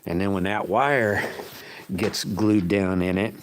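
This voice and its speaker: A man's voice: low-pitched, fairly even intonation, slow, slight background noise. A man hosting a casual livestream while working at his bench, chatting in a rambling, folksy way and chuckling at himself. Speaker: livestream host making slingshots.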